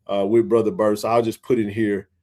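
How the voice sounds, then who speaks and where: A man's voice: lowish voice, moderate pace. A man, hosting a casual sports live stream and joking with his chat. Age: 40s. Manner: joking, animated, talks to chat readers. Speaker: sports talk stream host.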